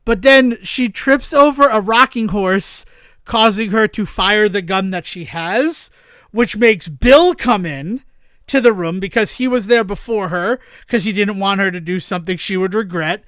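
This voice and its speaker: Podcast host, man, high smooth voice, lively swearing plot recap, dry mic. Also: unhurried, dry recording. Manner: animated retelling, swears, acts out quotes, laughs. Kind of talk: casual movie recap chat.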